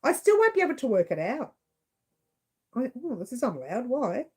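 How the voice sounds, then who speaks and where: A chatty Australian woman on a live stream, her voice sitting a touch high. She talks loosely and giggles as she answers viewer comments. Her delivery is casual and unscripted. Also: huge pitch swings, moderate pace, a little mellow, slightly rough.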